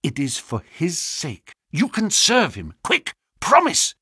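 A keen detective speaks crisply and with commanding intensity, his voice a touch high and full of movement, read by a man doing all the voices. The recording is close and dry. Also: wildly swooping pitch, slow, sharp tone, no room sound, heavily acted. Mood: intent.

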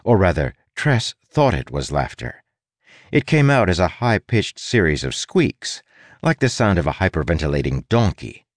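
Male audiobook narrator, deep voice, playful and wry, dry booth sound. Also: sing-song, moderate pace, dry recording. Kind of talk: scripted narration.

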